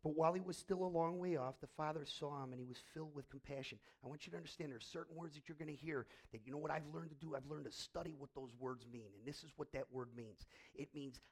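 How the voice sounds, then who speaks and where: A man's voice: on the high side, fast talker, hardly any pauses. A middle-aged man preaching a sermon as pastor, telling a story emphatically and asking rhetorical questions.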